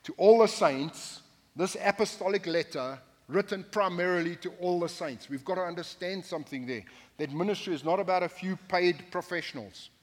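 The sermon comes from a man with a high voice, a pastor speaking briskly at the pulpit of a church sanctuary. Emphatic and repetitive with his key phrases, he slips in jokes for the congregation, and the room adds a long hall reverb.

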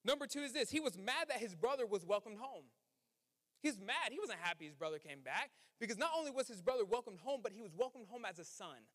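A male pastor with a high voice preaches in a church, and his voice rings through a long hall reverb. He talks informally, drops in slang asides and acts out the lines of biblical characters as he teaches. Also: expressive, fast, fairly bright tone. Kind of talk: sermon. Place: church sanctuary.

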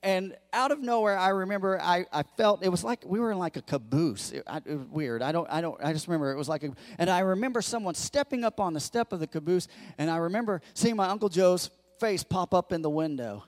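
A male pastor preaching a sermon, telling stories and acting out quotes with lively emphasis. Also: sits high, fairly quick, hardly any pauses, in a large hall. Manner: storytelling, animated, acts out quotes.

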